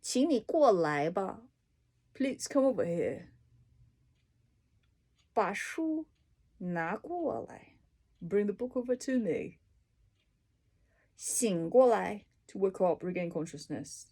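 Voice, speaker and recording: A woman reading through dictionary entries and explaining each one with everyday examples, in an unhurried, casual way. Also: medium pitch, sing-song, slightly rough. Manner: unhurried, explaining words with examples, soft asides. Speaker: language tutor.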